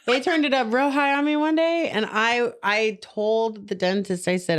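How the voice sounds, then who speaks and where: A woman's voice: fairly high pitch, moderate pace, clean tone. A woman co-hosting a podcast who drops short, wry comments into the chat. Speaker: podcast co-host. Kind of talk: casual chat.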